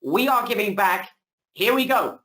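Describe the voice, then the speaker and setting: A man's voice: high voice, animated, moderate pace, pushed and bright. Hyped man pushing a webinar deal. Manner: hyped, pushy salesman hype. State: losing his voice. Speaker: webinar host. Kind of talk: hard-sell webinar pitch.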